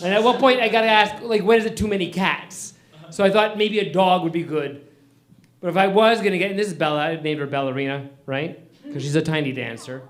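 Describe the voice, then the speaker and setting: A man's voice: sits high, brisk, echoey room. A man trying stand-up for the first time, rambling and hesitant with many restarts. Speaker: first-time audience comic. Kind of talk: improvised stand-up. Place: comedy club stage.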